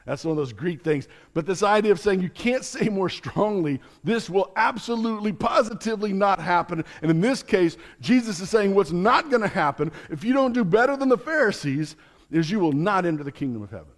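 A man's voice: sits high, sing-song, brisk. A man, a pastor, preaching a sermon in an earnest, explanatory teaching manner with light chuckles.

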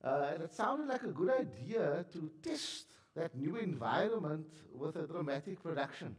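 A man gives church announcements from the pulpit, his voice sitting a touch high and catching with a frog in his throat. He talks in a chatty, self-deprecating way with plenty of ums and uhs. The room around him echoes. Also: very animated, normal speed. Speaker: pastor. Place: church sanctuary.

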